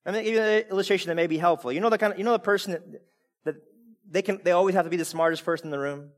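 A man with a high voice preaches with lively swings between hushed asides and loud, emphatic peaks. He often stumbles and repeats words as he restarts a thought. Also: very fast. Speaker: pastor. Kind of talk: sermon.

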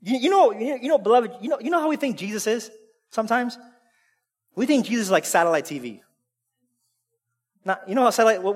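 A woman preaching an impassioned sermon, trading shouted refrains with hushed asides and firing rapid questions at the congregation. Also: medium pitch. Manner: call-and-response questions. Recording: long hall reverb.

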